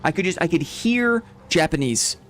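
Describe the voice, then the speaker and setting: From his home streaming setup, a young game streamer hosts a casual live stream, rambling, laughing a lot and repeatedly asking "right?". His voice sits high with lively intonation at a normal speed.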